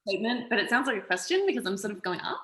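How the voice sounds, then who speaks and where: A woman with an Australian accent, an actress guest chatting in a casual interview with animated, playful energy. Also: fairly high pitch, rapid-fire, reverberant.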